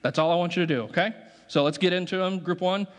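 A man's voice: high voice, steady tone, fast talker, music in the background. A man preaching as pastor, joking with the congregation while directing a group singing exercise in a church. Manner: playful, joking, directing the crowd. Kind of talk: sermon leading a congregation exercise. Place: church sanctuary.

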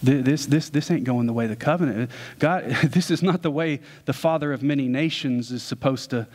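A man's voice: mid-range voice, normal speed, darkish tone, natural voice. A man doing anguished old father Abraham. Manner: pleading, exasperated questions. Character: aged father, anguished but faithful. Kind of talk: sermon storytelling.

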